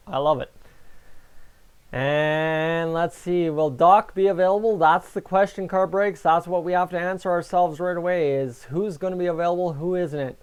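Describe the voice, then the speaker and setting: A man's voice: a little high, smooth. A man hosting a casual live stream, chatting away and answering viewer comments as he goes. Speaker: fan streamer and host.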